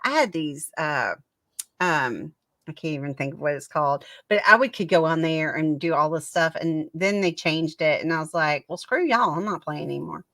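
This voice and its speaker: Woman, middle-aged, casual chat, laughs easily, bright voice, dry close sound. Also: low voice, moderate pace, dry recording.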